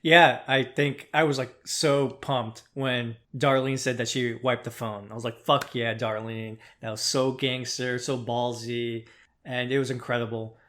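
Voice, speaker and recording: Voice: medium pitch, steady tone, unhurried, fairly bright tone. A podcast co-host casually speculating about where a TV show's plot will go, enthusiastic but often hedging. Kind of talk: casual TV discussion.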